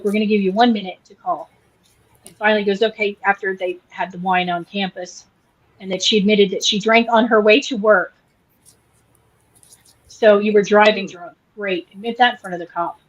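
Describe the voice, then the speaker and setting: A woman's voice: medium pitch, a little fast. Chatty woman retelling a story. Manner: animated retelling with quoted voices. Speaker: podcast co-host. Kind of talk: casual storytelling chat. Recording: slightly dull lo-fi sound.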